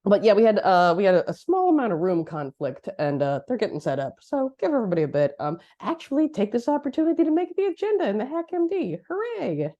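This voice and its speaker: Woman, voice roughened, lively and fast, casual meeting host. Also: mid-range voice, muffled recording. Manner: animated, chatty, self-deprecating. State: voice still rough from losing it. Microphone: clip-on mic in a conference room.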